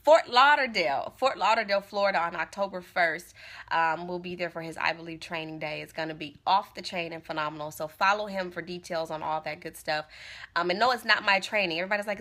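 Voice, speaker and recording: A woman's voice: lowish voice, fast, sharp tone. A woman speaking casually and earnestly on a phone livestream, encouraging her viewers and repeating phrases for emphasis. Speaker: motivational speaker. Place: Tampa.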